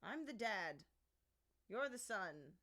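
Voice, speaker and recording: A woman streamer chatting casually at home, playfully scolding her cat, with loud outbursts and low mutters. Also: sing-song, slow. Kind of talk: casual live-stream chat.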